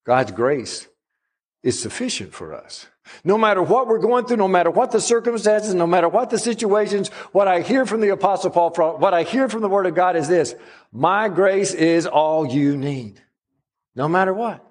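A man preaching a sermon as pastor, with dramatic pauses and slowed, emphatic phrases. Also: sits high, animated, breathy edge.

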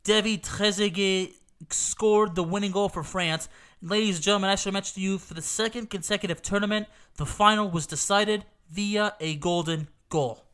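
A man with a high, smooth, fairly bright voice and fairly even intonation talks at a moderate pace about a football final he watched with his dad. His allergies leave him stuffy; he is emphatic and repetitive in this excited, casual account, swears now and then, and asks "okay?"

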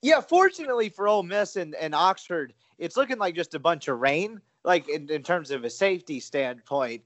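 Higher-pitched guy rambling about his picks on a betting podcast, laughing at himself. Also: expressive, normal speed, a bit bright. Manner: chatty, self-deprecating, rambling. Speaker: podcast co-host. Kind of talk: casual sports betting chat.

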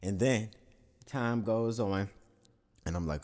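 A man's voice: sits low, steady tone, moderate pace, long pauses, a little mellow. A man telling a crude, candid confessional story to his listeners, rambling through self-corrections and laughing at himself.

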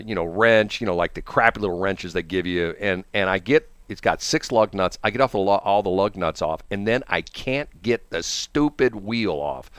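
A man's voice: deep voice, smooth, no room sound. A man hosting a morning radio show, telling a rambling story with frequent laughs, from the Midwestern United States. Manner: rambling, animated, laughs often. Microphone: studio microphone.

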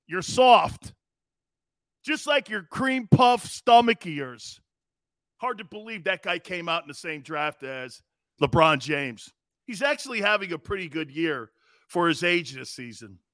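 A man's voice: sits high, bright, forceful tone, dry recording, clean studio sound. A man hosting a sports talk show, delivering a brash, mocking monologue. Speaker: sports radio host.

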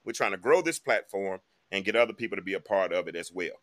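A man's voice: sits low, lively intonation, fast talker, fairly bright tone. A man hosting a live online talk show, giving casual, emphatic commentary and speaking straight to his viewers. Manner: chatty, emphatic, addresses viewers directly.

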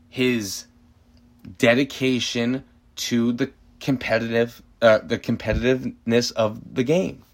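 A man in his thirties talks alone on his sports podcast at an ordinary mid pitch. He argues with passion, stacking rhetorical questions and circling back to his points. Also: fairly bright tone. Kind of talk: emotional sports opinion monologue.

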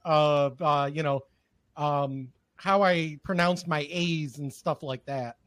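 A man from Michigan with a Midwest accent, chatting casually on a podcast, laughing often and pausing on fillers. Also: fairly high pitch, a bit bright, no echo, clean studio sound. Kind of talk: casual chat.

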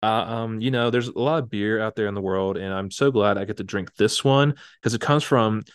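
A man's voice: on the low side, fairly quick, clean tone, no room sound, studio quality. A young man co-hosting a casual podcast, joking and rambling with lots of fillers while tipsy from drinking. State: slightly drunk. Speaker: podcast co-host. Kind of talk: casual chat.

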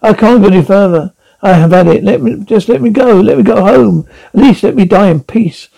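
A man's voice: sits high, fairly quick, gravelly, mellow, voice pushed up, rough recording. A man voicing a wounded, dying male fox in a storybook reading, begging in a raised, strained voice. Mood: pleading. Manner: pleading then snarling.

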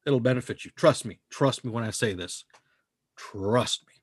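A man's voice: medium pitch, normal speed, breathy edge, no echo, clean studio sound. A man co-hosting a podcast, talking in a casual, profane, emphatic way that rambles from point to point. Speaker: podcast co-host.

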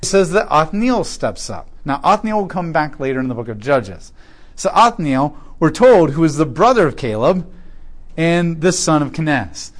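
A man teaching through a Bible passage verse by verse, animated and emphatic, acting out quotes and repeating key points. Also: a little high, normal speed.

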